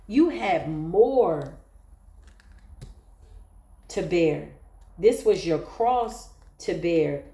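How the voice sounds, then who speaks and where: A woman's voice: medium pitch, warm tone, echoey room. A woman giving an emotional, emphatic spiritual tarot reading, often breaking into exclamations. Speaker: tarot reader.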